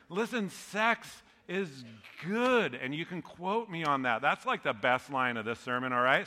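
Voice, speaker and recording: A man's voice: on the high side, expressive, unhurried, few pauses, sharp tone. A man preaching a sermon as pastor, conversational and joking, often laughing at his own lines. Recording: long hall reverb.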